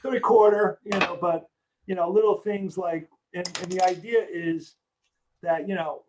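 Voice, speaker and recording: Man, 60s, somewhat high-pitched, casual, rambling, filler-heavy interview answers. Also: fairly even intonation, moderate pace, darkish tone, a little hiss or hum, low-quality recording. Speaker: creator of an animated short.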